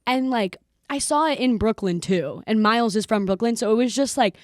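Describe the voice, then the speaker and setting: A woman's voice: fairly high pitch, fairly quick, a little mellow, no room sound, clean studio sound. Chatty young woman reviewing films. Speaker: podcast co-host. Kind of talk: casual chat.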